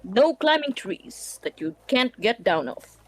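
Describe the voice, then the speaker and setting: Kindly armored warrior, played by a woman, soft and slow. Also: fairly high pitch, big pitch swings. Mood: gentle. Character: gruff kindly male knight character.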